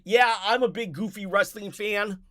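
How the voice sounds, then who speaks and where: A man's voice: high voice, moderate pace, pushed and bright, no echo, studio quality. A man hosting a casual live stream, rambling and reading viewer comments aloud, a bit out of breath.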